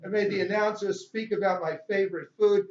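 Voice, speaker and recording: A man's voice: sits high, fairly even intonation, brisk, natural voice. A man voicing a bumbling cartoon everyman chatting eagerly with God in a storytelling bit. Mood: chatty, oblivious. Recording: echoey hall, dull lo-fi sound.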